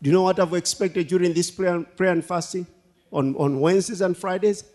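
A man preaching a sermon as pastor, animated, laughing and repeating himself for emphasis. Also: high voice, brisk. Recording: long hall reverb.

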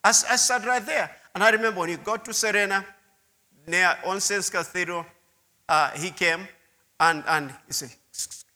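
A man's voice: sits high, normal speed, sharp tone. A man preaching a sermon testimony, telling his story with repeated words and asides to the listeners. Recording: long hall reverb.

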